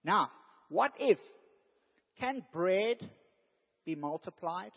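Earnest preacher guy, kinda high voice, long hall echo, dull muffled sound. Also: expressive, drawn-out words, gravelly, breathy edge. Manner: earnest, builds to emphatic bursts. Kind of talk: sermon.

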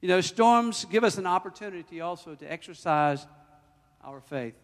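A man preaching a sermon as pastor, emphatic, swinging between loud declarations and hushed, personal storytelling. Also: sits high, lively intonation, moderate pace, long reverb tail.

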